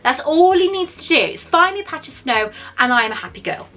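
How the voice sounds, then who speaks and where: A woman's voice: high voice, big pitch swings, fairly quick, sharp tone. A woman in her forties chatting through an unboxing at home, emotional and wandering into asides. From Wales. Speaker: vlogger. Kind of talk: casual unboxing chat.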